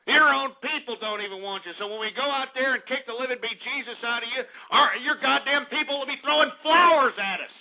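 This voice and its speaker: A man's voice: extremely high pitch, fairly quick, hardly any pauses. Furious ranting radio host man. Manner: profane, furious, shouting insults. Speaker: radio talk show host. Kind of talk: angry talk radio rant. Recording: tinny phone-like radio broadcast.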